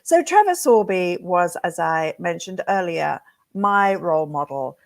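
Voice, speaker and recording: Woman telling an animated story. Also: fairly low pitch, measured pace, gravelly. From England. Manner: animated storyteller who acts out her own thoughts. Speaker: hair design educator. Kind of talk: motivational storytelling talk.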